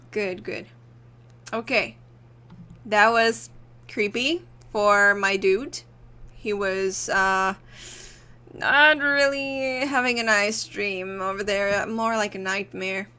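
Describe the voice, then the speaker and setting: A woman's voice: medium pitch, fairly even intonation, slow, pushed and bright, slight background noise. A woman casually commenting as she plays a game, chatty and reacting aloud. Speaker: let's play gamer.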